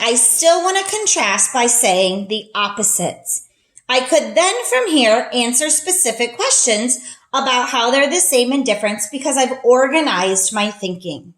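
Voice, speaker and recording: A woman's voice: fairly high pitch, very animated, a little slow, fairly bright tone. A woman teacher giving a patient, encouraging reading lesson for young children, explaining each step as she goes.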